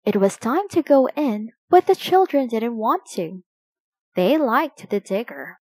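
Slow, breathy woman reading a storybook. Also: fairly high pitch, no room sound. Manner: slow, careful, expressive reading for young children. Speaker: storybook reader. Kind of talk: reading a children's picture book aloud.

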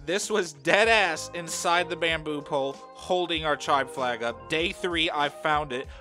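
A man's voice: fairly high pitch, measured pace, bright, forceful tone, soft background music. A man telling a made-up reality-show story in a loose, slangy, casual way.

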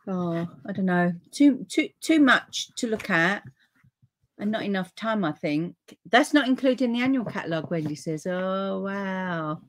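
A middle-aged British woman hosts a live papercraft stream. She talks at an unhurried, slow pace in a middle-register voice. Her manner is chatty and easily delighted as she chats to her viewers. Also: medium pitch, animated. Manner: chatty and easily delighted, with frequent gasps and laughs.

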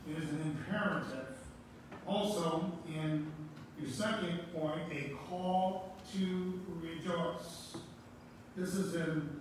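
A man's voice: a little high, noisy background. A man preaching a sermon, emphatic, repeating key words for stress. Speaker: pastor. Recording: echoey room, voice from far off.

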